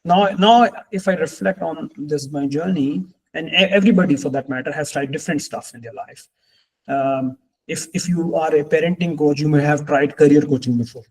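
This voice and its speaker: A man's voice: a little high, normal speed, a little mellow, husky, low-quality recording. A man, talking to a group as a life coach in a reflective, earnest way, often repeating phrases for emphasis. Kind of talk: group coaching call talk.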